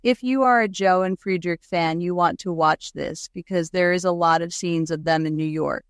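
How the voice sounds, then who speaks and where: A woman's voice: on the low side, normal speed, clean tone, no room sound, studio quality. A woman co-hosting a podcast, talking through a film adaptation in a chatty, reflective way. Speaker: podcast co-host. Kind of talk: casual chat.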